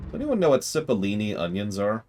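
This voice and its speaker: A man's voice: fairly low pitch, huge pitch swings, quick pace, darkish tone, a little hiss or hum. A man streaming a game, chatting in rambling asides about what he plays. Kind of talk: casual game commentary.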